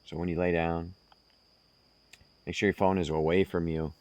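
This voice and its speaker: A man speaking slowly and earnestly, giving direct self-help advice to the listener. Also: low voice, level tone, a little mellow, no room sound. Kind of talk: casual advice monologue.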